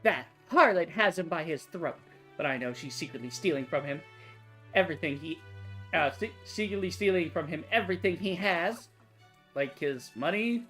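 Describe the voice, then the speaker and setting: A woman's voice: fairly low pitch, animated, moderate pace, a bit bright, faint music behind. A woman voicing a haughty, lovesick, grandiose woman in a game, reading her lines in a pompous, theatrical manner. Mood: scornful. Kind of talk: game dialogue read aloud.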